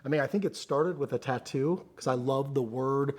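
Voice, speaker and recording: Male interview guest, mid-range voice, candid and halting delivery. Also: mid-range voice. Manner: earnest, halting, restarts often. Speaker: podcast guest.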